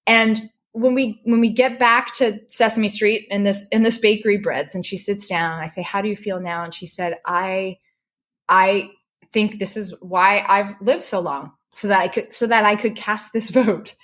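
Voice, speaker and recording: Woman guest telling a story, lively, emotional, keeps restarting sentences. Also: mid-range voice, moderate pace. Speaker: podcast guest. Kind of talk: personal storytelling in conversation.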